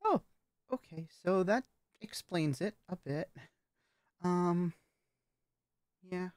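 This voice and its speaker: Slow, halting woman in a dry room. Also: lowish voice, expressive, darkish tone, no room sound. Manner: hesitant and halting, with frequent swearing. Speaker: vlogger practicing voice training. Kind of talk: casual vlog commentary.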